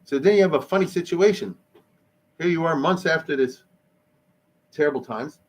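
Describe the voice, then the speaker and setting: A man's voice: a little high, normal speed. A man, a rabbi, giving an informal history lesson in a synagogue hall, mixing in Hebrew and Yiddish words and briefly voicing the people in his stories. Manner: peppers speech with Hebrew and Yiddish terms. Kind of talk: informal lecture.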